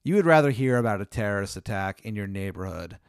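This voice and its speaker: Smooth-voiced man spinning a comic story. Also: lowish voice, lively intonation, fast talker, no echo, clean studio sound. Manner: rambling, hyperbolic, profane. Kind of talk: improvised comedy storytelling.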